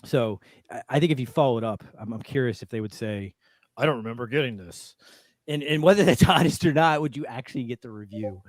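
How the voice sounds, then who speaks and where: Animated, self-deprecating man, dry close sound. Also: medium pitch, fast talker, few pauses, dry recording. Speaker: guest developer. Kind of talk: casual chat.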